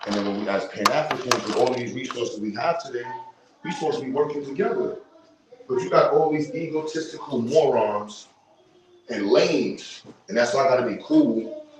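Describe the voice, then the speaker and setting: A man's voice: medium pitch, normal speed. A man hosting a livestream, ranting in blunt street slang, rambling and heated. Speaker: livestream host. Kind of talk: casual livestream rant. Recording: roomy, with loud background noise.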